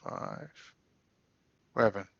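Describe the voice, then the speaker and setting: A man's voice: takes it slowly, background noise. A man playing in a tabletop game, eager and blunt, swearing and counting his moves aloud. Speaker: player. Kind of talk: casual chat during a tabletop game. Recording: dull, lo-fi stream audio.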